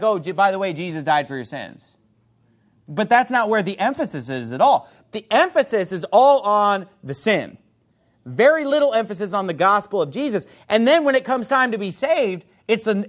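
A man preaching a sermon as pastor, quoting scripture and forcefully denouncing false teaching. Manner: animated pitch swings for emphasis.

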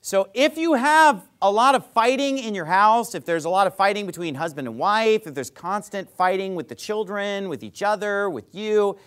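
A male pastor preaching a sermon to his congregation, asking rhetorical questions and dropping his voice softly to act out apologies. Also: normal speed, few pauses. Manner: drops to a soft low voice to act out apologies.

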